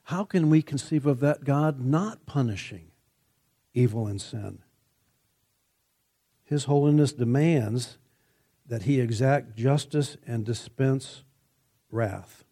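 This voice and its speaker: A man preaching a sermon, measured and emphatic, lifting his voice when he quotes scripture. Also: medium pitch, mellow.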